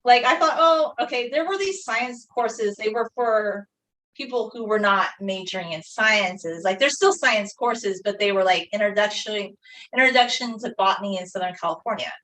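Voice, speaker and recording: A woman's voice: mid-range voice, normal speed, a bit bright. Rambling woman chatting on a video call. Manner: rambling storyteller, fillers like 'like'. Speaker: guest painter on a live stream. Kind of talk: casual chat while painting. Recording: voice a bit far from the mic.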